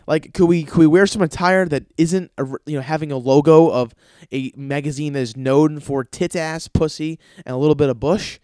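A man hosting a podcast, telling long rambling stories in a casual, profane way, often breaking into high-pitched voices to act out other people. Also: moderate pace, a little mellow, clear, resonant tone, no echo, studio quality. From lives in Los Angeles. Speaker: podcast host. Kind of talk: casual storytelling monologue.

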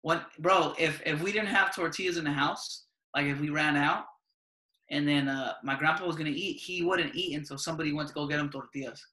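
A man's voice: fairly high pitch, fairly even intonation, fairly quick, pushed and bright, reverberant. A young man in casual podcast chat, telling stories with lots of slang and frequent laughs. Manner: laid-back slang-heavy storytelling, laughs often. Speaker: podcast host.

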